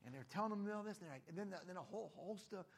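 A man preaching a sermon with a fairly high voice. He is animated, asks his listeners one rhetorical question after another and briefly acts out the voices of figures in the story. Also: rapid-fire, vocal fry. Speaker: pastor.

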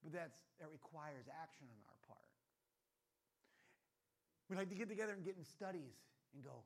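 A male pastor preaching with a somewhat high voice. He is animated, fires off rhetorical questions and slips into short acted-out dialogues. His delivery is casual and conversational. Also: brisk. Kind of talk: sermon.

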